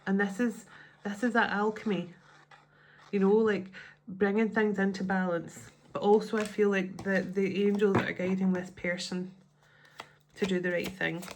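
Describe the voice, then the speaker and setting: A woman's voice: medium pitch, steady tone, moderate pace, a little mellow, slight background noise. A woman giving a tarot card reading. She thinks aloud in a chatty way and often restarts her sentences. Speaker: tarot reader.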